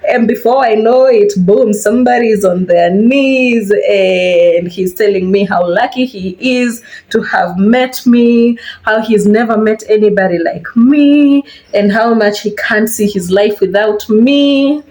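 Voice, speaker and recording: Doing her hair as she talks, a young Kenyan-accented vlogger chats through a story, animatedly recounting events and livening up quoted lines. Her mid-range voice is a little mellow and unhurried, with hardly any pauses. Captured on a simple phone camera, the audio has an echoey room sound.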